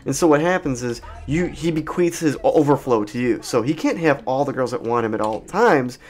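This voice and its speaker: A man's voice: mid-range voice, expressive, brisk. An adult man hosting a let's play, telling a meandering, profane, jokey story while he plays. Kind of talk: rambling gaming commentary.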